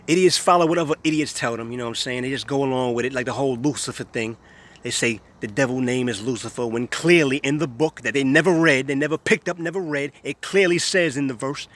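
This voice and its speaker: A man's voice: medium pitch, fairly bright tone. A man, delivering a scornful, repetitive monologue to camera. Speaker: vlogger.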